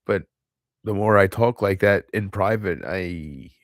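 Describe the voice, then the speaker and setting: A man speaking in an unscripted confessional monologue to his viewers, halting and heavy, often restarting and trailing off. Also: deep voice, dry recording, studio quality. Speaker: channel host.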